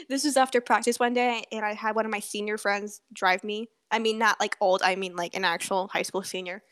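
A woman's voice: mid-range voice, steady tone, moderate pace, fairly bright tone. A teenage girl co-hosting a podcast, telling a story in casual chat, laughing often and swearing freely. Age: teens. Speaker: podcast co-host.

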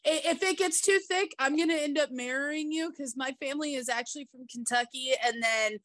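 Southern twang lady hosting, chatty and open, kinda high, dry sound. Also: a little fast, dry recording. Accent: Southern US mixed with Kansas twang. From Kansas. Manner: open, chatty, speeds up when excited. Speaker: podcast host. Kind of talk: casual interview chat.

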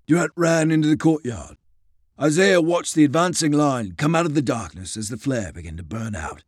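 A man narrating an audiobook in a dramatic way, his voice moving widely in pitch. It sits a touch high for a man. The recording is dry and close. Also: animated, normal speed, no echo. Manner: dramatic, dropping to a hush on tense passages.

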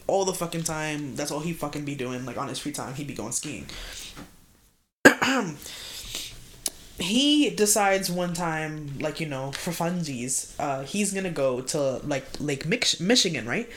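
A woman with a somewhat low voice co-hosts a podcast, spinning a story in loose, slangy talk. She swears constantly and keeps the telling lively and animated. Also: unhurried, a little hiss or hum. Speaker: podcast co-host. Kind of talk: casual storytelling chat.

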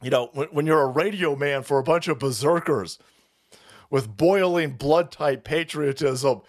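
A man hosting a live stream, delivering a crude, heated rant that swings into loud outbursts and laughter. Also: a little high, unhurried. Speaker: show host.

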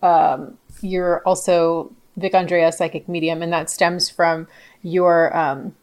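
A woman's voice: on the low side, level tone, slow pace, a little mellow. A woman hosting an interview, speaking casually and hesitantly, filling her sentences with "um" and "like". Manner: hesitant, many fillers and restarts. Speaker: podcast host.

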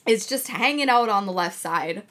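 A young woman chatting casually as a podcast co-host, telling a blunt, heavily sworn, animated story. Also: mid-range voice, moderate pace. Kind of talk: casual chat.

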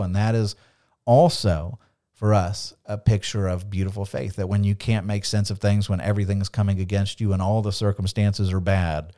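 A man with a fairly low voice unpacks a Bible passage on a podcast. He talks earnestly and with animation, slipping into lively quoted dialogue as he explains. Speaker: podcast co-host. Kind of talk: Bible study discussion.

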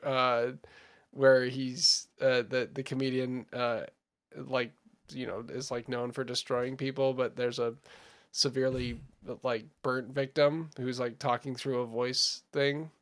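A man co-hosting a casual podcast chat, telling stories in a rambling, animated way with frequent laughter. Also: medium pitch, measured pace. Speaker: podcast co-host.

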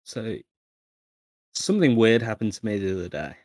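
A man's voice: lowish voice, very animated, normal speed, darkish tone, no room sound. Rambling, swearing man podcast host. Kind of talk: casual podcast chat, storytelling.

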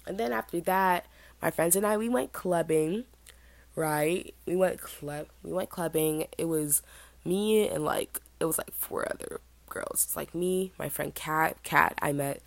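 A woman in her twenties hosting a podcast, telling a story in a chatty, animated way and feeling a bit sick. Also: a little slow, creaky, no room sound. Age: 20s. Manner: chatty, animated, mimics other people in high voices. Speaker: podcast host. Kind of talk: casual storytelling monologue.

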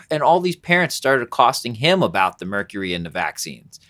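A man in mid range talks casually as a podcast host. He rambles, gets animated and curses freely, with a loose, unscripted flow. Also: medium pitch, brisk, hardly any pauses. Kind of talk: casual chat.

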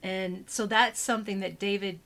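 Woman co-host, mid-pitched, chatty book talk. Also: fairly even intonation, moderate pace, fairly bright tone. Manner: chatty, explains characters' motives. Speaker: podcast co-host. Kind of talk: casual book discussion.

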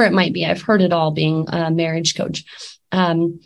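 A woman's voice: fairly low pitch, steady tone, measured pace, gravelly, a little mellow. A woman in her thirties, a life coach, talking candidly and casually with many fillers and restarts, a little sick. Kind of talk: casual talk to camera.

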